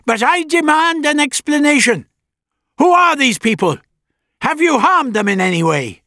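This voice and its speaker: Man putting on a stern, imperious old gentleman. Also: sing-song, normal speed, no room sound, clean studio sound, heavily acted. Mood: stern commanding. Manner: loud, high, forceful. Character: stern elderly gentleman traveller, commanding and imperious.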